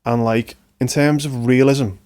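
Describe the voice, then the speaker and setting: A man with a Scouse accent, hosting a casual podcast chat, animated and stumbling over repeated words. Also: medium pitch, measured pace. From Liverpool, England.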